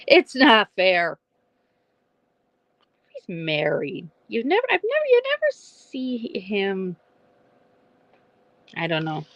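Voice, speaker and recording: A woman in her forties chats to her viewers on a live stream, rambling from one thought to the next and laughing as she goes. Her voice sits a little low. The sound is dull and lo-fi, with a dry close feel. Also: vocal fry, no room sound. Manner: chatty, rambling, laughs often. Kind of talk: casual live chat with viewers.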